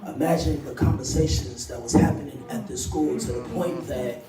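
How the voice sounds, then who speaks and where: A man giving an emotional public testimony, soft-spoken and halting, with many pauses and ums. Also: mid-range voice, over music. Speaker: activist and co-founder of a group. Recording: distant, roomy livestream audio with faint noise.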